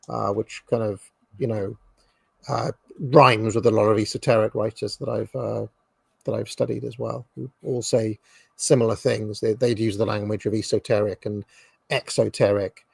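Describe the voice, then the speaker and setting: A man's voice: on the low side, flat delivery, normal speed, creaky, slightly rough, no echo. A man hosting a livestream podcast, chatting in a rambling way with many restarts. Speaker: podcast host. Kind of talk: casual livestream chat.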